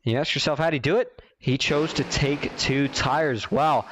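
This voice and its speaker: Man, race commentator, play-by-play, excited bursts, slightly high voice, noticeable background noise. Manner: excited, quick bursts when action happens. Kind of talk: sim racing play-by-play commentary.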